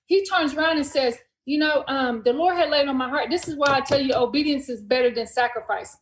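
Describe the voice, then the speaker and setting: A woman's voice: sits high, brisk, echoey room, a little hiss or hum, low-quality recording. A woman hosting a podcast, telling a story in casual conversation and acting out the dialogue as she goes. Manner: animated retelling, acts out dialogue in quotes. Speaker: podcast host.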